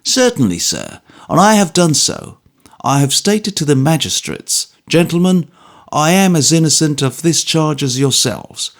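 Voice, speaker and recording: A man's voice: fairly high pitch, very animated, unhurried, creaky, pitched above the performer's own voice, full character voice. A man reading an audiobook and voicing a bluff, good-humoured former soldier who speaks steadily, politely and stubbornly. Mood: firm, polite.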